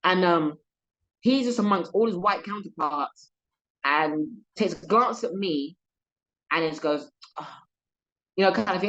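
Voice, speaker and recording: A woman's voice: measured pace, long pauses, lo-fi sound. A young woman comedian with a London accent, chatting in a podcast interview and acting out the people in her stories. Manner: animated storyteller, voices quoted people, lively pitch jumps. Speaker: comedian guest.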